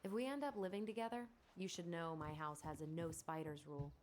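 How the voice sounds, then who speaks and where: A woman's voice: fairly low pitch, steady tone, a little fast, a little mellow, close to an everyday voice. An actress playing a curious, teasing young woman in a video game. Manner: teasing, inquisitive. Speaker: game character.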